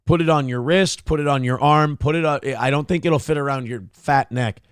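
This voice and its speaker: A man's voice: fairly high pitch, fairly quick, smooth, dry recording, studio quality. A man hosting a show, reacting to a clip with angry, mocking commentary full of swearing. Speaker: show host.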